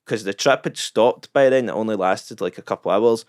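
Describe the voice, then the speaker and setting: A Scottish man, a comedian, telling a rambling, sweary anecdote in a deadpan, self-mocking way on a podcast. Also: fairly low pitch, normal speed, no echo, clean studio sound. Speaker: comedian guest. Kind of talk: casual storytelling anecdote.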